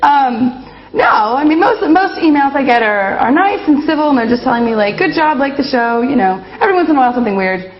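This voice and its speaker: A woman's voice: high-pitched, animated, fast. A woman who presents a web show, chatting playfully and joking on a handheld mic in an office. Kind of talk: casual chat. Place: office newsroom. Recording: roomy, dull, slightly noisy office.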